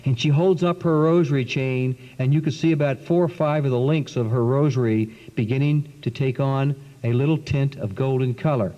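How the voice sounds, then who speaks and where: A middle-aged man giving a religious testimony talk, telling his story with lively acted-out quotes. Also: medium pitch, normal speed, few pauses. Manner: animated storyteller, acts out quotes. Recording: dull 1990s recording in a reverberant hall.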